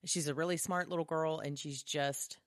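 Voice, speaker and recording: Podcast co-host: woman, deep voice, animated swearing movie recap, dead-dry sound. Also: moderate pace, dry recording. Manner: animated, swears freely, retells scenes. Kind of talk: casual movie review chat.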